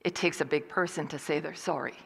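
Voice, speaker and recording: Older woman, low-ish voice, lively storytelling, echoing hall. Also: brisk, creaky, breathy edge. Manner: animated, acts out quoted voices. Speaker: motivational speaker. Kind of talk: storytelling talk. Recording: long hall reverb.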